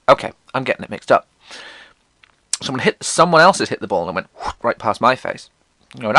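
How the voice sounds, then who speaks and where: A male podcast host talks fairly quickly in a sharp tone, no echo, sharing funny stories about his own life. Self-mocking and irreverent, he swears freely and acts out quotes in jumpy pitch.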